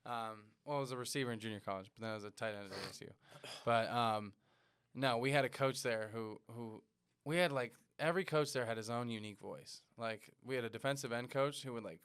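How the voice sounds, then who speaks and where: A man's voice: medium pitch, fairly quick, fairly bright tone, clear, resonant tone. A man co-hosting a casual comedy podcast, talking in a laid-back way and laughing often. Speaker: comedian co-host. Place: podcast studio.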